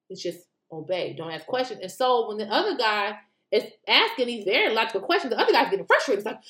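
Woman, American, fairly high voice, echoey room, animated indignant commentary, rhetorical questions. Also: fairly quick. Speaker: political commentary vlogger. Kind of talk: casual opinion commentary.

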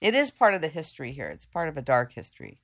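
An American woman hosts the interview with a lowish voice that swings widely in pitch. She coaxes her guest with animated questions. Her tone is expressive throughout. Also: quick pace. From United States. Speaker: podcast host.

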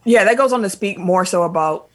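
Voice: medium pitch, fairly quick. A podcast co-host from the United States, giving opinions in a casual chat. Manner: opinionated, ranting, laughing.

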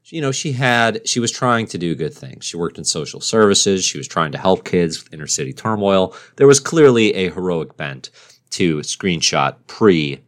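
At a moderate pace, a man with a very deep voice spins a made-up superhero origin story, rambling and deadpan. It feels playful and loose, like friends improvising a chat.

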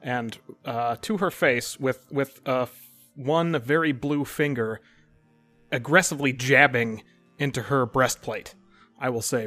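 A man's voice: mid-range voice, unhurried, sharp tone, faint music behind. A man playing a tabletop role-playing game, describing his character's actions in a rambling way with lots of fillers and restarts. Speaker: player.

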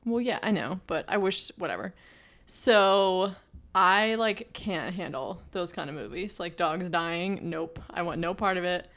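A woman's voice: fairly low pitch, unhurried, a bit bright. A young woman co-hosting a podcast in casual chat, talking in a chatty way with many fillers and restarts. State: pregnant. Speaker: podcast co-host.

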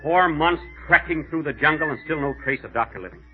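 Man, radio comedy host, indignant deadpan timing, highish voice, dull 1930s sound. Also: quick pace. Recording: scratchy 1930s radio broadcast.

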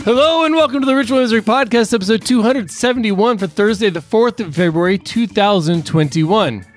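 A man's voice: high voice, fairly quick, faint music behind. A man hosting a casual podcast with a friend, joking around, swearing freely and rambling. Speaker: podcast host.

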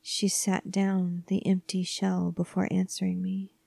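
A woman narrating a horror story in a soft, hushed, often whispery voice, measured and calm. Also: lowish voice, gravelly, dry recording.

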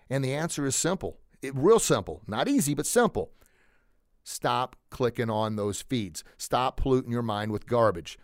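A man's voice: mid-range voice, no echo, clean studio sound. A man hosting a motivational podcast, speaking with energy and emphasis, repeating phrases and chuckling now and then. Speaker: podcast host.

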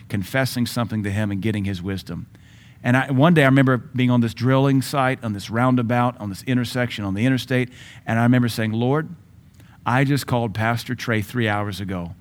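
Impassioned preaching man. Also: mid-range voice. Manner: impassioned preaching with quick acted-out dialogues. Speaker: pastor. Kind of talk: sermon.

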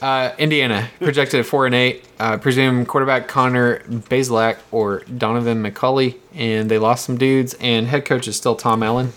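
Man, podcast host, casual chat, relaxed, reads notes with fillers. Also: medium pitch, moderate pace, few pauses.

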